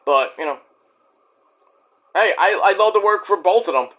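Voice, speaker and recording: A man ranting casually as a wrestling vlogger, rambling and animated, breaking into sudden shouts. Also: high voice, normal speed.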